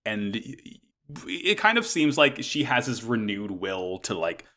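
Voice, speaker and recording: A man's voice: lowish voice, sing-song, measured pace, sharp tone. A young man casually recapping an anime episode as podcast co-host, rambling with lots of ums and likes.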